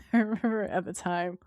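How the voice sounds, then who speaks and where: A woman co-hosting a podcast, retelling a TV episode with lively quoted lines in casual chat. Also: mid-range voice, a little slow, dry recording, clean studio sound. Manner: lively retelling, quoting characters in her own voice. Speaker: podcast co-host.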